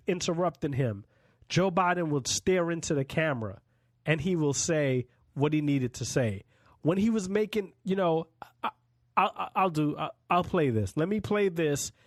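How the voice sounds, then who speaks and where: A man's voice: high voice, no echo, studio quality. A man hosting a political podcast, talking bluntly and emphatically in a casual monologue and swearing freely. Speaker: podcast host.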